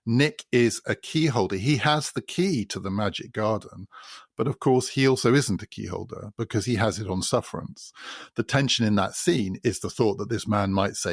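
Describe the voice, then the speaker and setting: A man hosts a podcast and talks through a novel in an explanatory way. His low voice has a gravelly fry, and he drives points home by repeating them. The sound is close and dry. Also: moderate pace, no room sound. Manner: explanatory, builds points by repetition. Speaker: podcast host. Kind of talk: spoken literary commentary.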